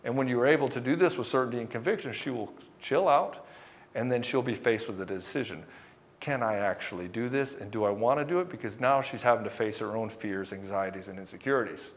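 A man's voice: mid-range voice, fairly quick. A man giving a motivational coaching talk to husbands, blunt and emphatic with plenty of swearing, sometimes acting out quoted lines of dialogue. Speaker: relationship coach.

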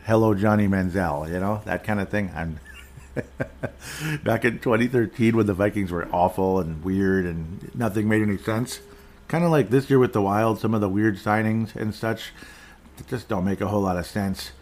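A man's voice: on the low side, normal speed, darkish tone, slight background noise. A middle-aged man hosting a casual solo sports podcast, rambling and digressive with chuckling asides. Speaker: podcast host.

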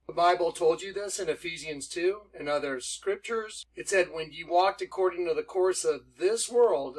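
High-voiced man preaching scripture. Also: low-quality recording. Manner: emphatic, reads scripture aloud slowly. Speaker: Bible teacher. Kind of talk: preaching Bible study.

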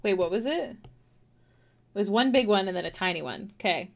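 A woman's voice: mid-range voice, expressive, a little fast, gravelly. Young Canadian woman chatting while drawing. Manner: rambling, self-talking, giggly. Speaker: streamer. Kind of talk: casual chat while drawing.

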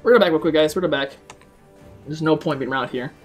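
Excitable, swearing gaming commentator, man. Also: on the high side, fast talker, soft background music. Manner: excitable, swears a lot, chats to viewers. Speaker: gaming video host. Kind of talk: live gameplay commentary.

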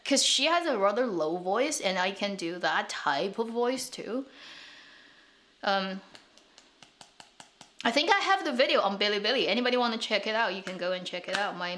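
A woman's voice: mid-range voice, lively intonation, moderate pace, fairly bright tone. A woman whose first language is Chinese, speaking English with a North American accent, chatting casually to camera as a drama channel host, rambling with restarts and light laughs.

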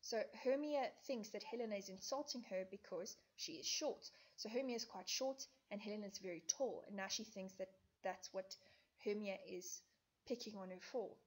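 A woman's voice: medium pitch, normal speed. A woman teacher explaining a classic play in a lesson video, turning old lines into plain modern speech. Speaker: English teacher.

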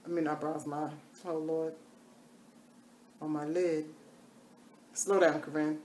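A woman's voice: sits low, level tone, takes it slowly, a little mellow, echoey room, a little hiss or hum. A woman chatting casually through a live makeup tutorial, repeating catchphrases in a sing-song way. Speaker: makeup vlogger.

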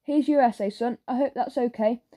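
A woman doing a loud, boastful rich dad. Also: on the high side, a little fast, lightly acted. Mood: boisterous. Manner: shouting, boastful.

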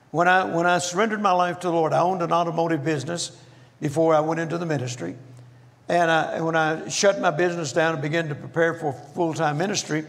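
Older man, gravelly high-pitched preacher. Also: fairly bright tone. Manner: folksy, jokey, slows down for emphasis. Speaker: guest minister. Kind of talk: humorous storytelling sermon. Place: church auditorium. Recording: reverberant church hall.

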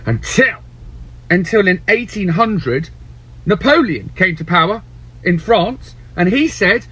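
A man retelling history in an animated comic way, swearing and putting on voices. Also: high-pitched, slow, husky. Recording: dull lo-fi sound.

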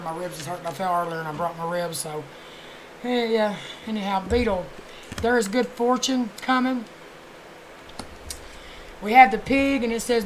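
A woman giving a casual tarot reading, chatty and blunt, who swears offhandedly and murmurs softly while shuffling. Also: mid-range voice, slight background noise, rough recording. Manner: chatty, swears casually, fillers like "you know". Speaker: tarot card reader.

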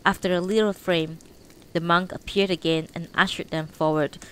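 A woman's voice: fairly low pitch, fairly even intonation, moderate pace, a bit bright, slight background noise, poor audio. A woman reading a novel aloud on a livestream, unpolished, correcting her slips as she goes. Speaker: audiobook reader on a livestream.

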